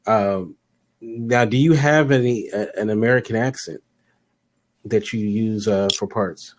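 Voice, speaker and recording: A man's voice: lowish voice, measured pace, noisy background. A man interviewing an actor, asking rambling questions with many fillers. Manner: rambling, repeats himself while asking.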